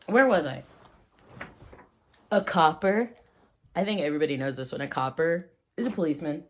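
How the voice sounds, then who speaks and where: A woman vlogging casually about slang, playful and rambling, with jokey asides and quick tangents. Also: low-pitched, animated. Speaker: vlogger explaining old slang. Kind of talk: casual chat.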